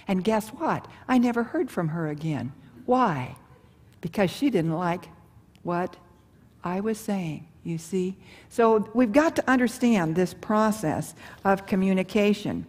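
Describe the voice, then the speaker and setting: A middle-aged woman giving a live seminar on marriage and communication, talking folksy and animated, with rhetorical questions and acted-out quotes. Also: mid-range voice, a little slow. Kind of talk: seminar talk to a live audience. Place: large hall or church with an audience. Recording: live hall with long reverb.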